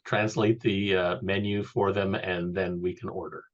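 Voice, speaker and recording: A man takes part in a tabletop role-playing session as a player. His voice sits in a middle range, and he talks in a dry, deliberate way, often stopping to think mid-sentence. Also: low-pitched, little pitch movement, dull audio. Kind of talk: casual game chat.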